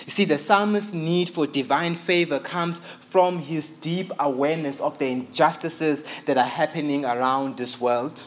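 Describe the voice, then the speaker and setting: A visiting pastor from South Africa preaches a sermon at a church in England, earnest and emphatic, repeating key phrases for stress. His voice is a little high and unhurried, with few pauses.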